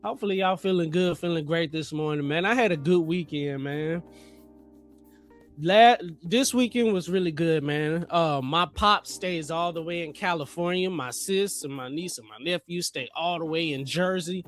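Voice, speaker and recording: A man's voice: fairly high pitch, normal speed, faint music behind. A man hosting a trading livestream, talking energetically with lots of slang and hyping up his chat.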